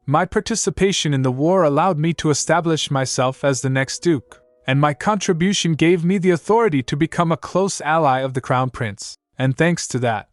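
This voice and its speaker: A man voicing a reserved, earnest young noble who answers calmly. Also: a little high, normal speed, hardly any pauses, no room sound, voice pushed up, lightly acted. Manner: calm, reserved replies.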